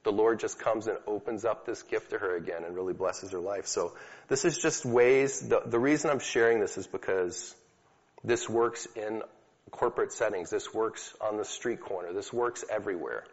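A man's voice: fairly low pitch, moderate pace. Man teaching in an echoey hall. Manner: storytelling, casual with fillers. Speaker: speaker teaching about healing prayer. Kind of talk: conversational teaching talk to an audience. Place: hall with a live audience. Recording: dull lo-fi recording in an echoey hall.

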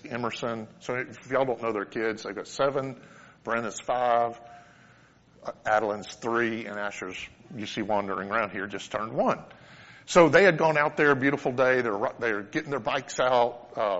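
A man's voice: on the low side, a bit bright. A man giving an informal, conversational sermon as a pastor, telling a personal story with earnest asides. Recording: dull lo-fi sound in a reverberant hall.

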